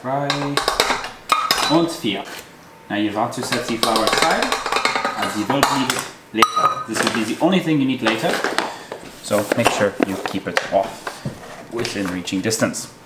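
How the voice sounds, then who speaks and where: A man's voice: on the low side, lively intonation, unhurried, pauses often, very noisy. A man hosting a comic cooking tutorial in an exaggerated put-on German accent, hamming it up and tossing in German words. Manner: hammy, drops in German words. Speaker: cooking show host. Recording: echoey kitchen with loud clattering cookware.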